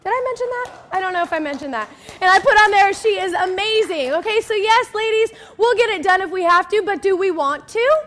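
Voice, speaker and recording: A woman's voice: very high voice, expressive, a little fast, few pauses, fairly bright tone. A woman pastor giving a chatty, emphatic sermon, often checking in with the crowd and acting out little scenes. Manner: acts out quoted people in story.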